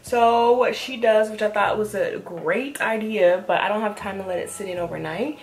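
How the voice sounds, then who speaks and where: A woman's voice: mid-range voice, moderate pace. A woman talking through a hair product review in a casual, rambling way, with chatty asides, filmed at home on a camera mic. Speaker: natural hair vlogger. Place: indoors at home.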